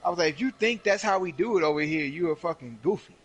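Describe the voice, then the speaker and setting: Here the young man's voice sits fairly high and a touch rough as he talks quickly over his game stream. His work story is animated, salted with profanity and slang, and he acts out what people said; the audio is rough.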